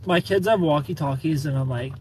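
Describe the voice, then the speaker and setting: Male streamer, slightly high voice, playful, laughs a lot, faint noise behind. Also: brisk. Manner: greets viewers by name, laughs often, playful. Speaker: live streamer. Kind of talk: casual live-stream chat.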